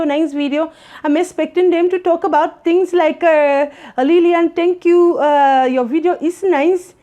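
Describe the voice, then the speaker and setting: A woman's voice: sits high, mellow, voice pushed up, natural voice. A woman vlogger doing a comic put-on Indian accent, sing-song and emphatic.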